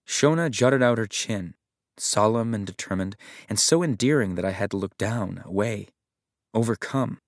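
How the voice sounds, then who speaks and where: Low, dry-voiced male reader for a reflective short story, measured delivery. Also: dry recording. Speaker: story narrator. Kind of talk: audiobook narration of a short story.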